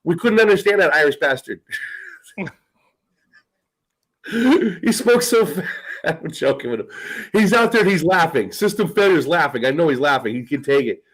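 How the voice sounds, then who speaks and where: A man's voice: on the high side, expressive, moderate pace, pauses often, a bit bright, poor audio. A man hosting a podcast, chatting casually in a profane, rambling way and laughing often. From United States. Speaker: podcast host. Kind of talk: casual chat.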